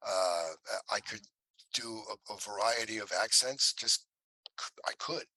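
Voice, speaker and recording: A man guesting on a podcast, telling animated stories about his life and dropping into quick impressions. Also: lowish voice, dry recording, low-quality recording. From Cleveland, US. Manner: animated storyteller who slips into impressions. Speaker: actor guest. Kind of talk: podcast interview storytelling.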